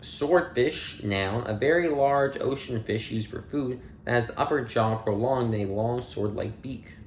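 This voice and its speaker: A man's voice: mid-range voice, a little slow, a little hiss or hum. Man reading a dictionary, echoey room. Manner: plain reading with dry asides and playful slips. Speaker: audiobook reader. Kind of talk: reading dictionary entries aloud.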